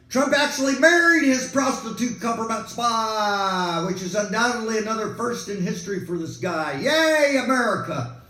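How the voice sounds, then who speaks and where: A man's voice: sits high, a bit bright. A man hosting a rambling comic monologue as a weatherman, full of sarcastic, digressive rants. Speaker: comedic weatherman host. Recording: echoey room.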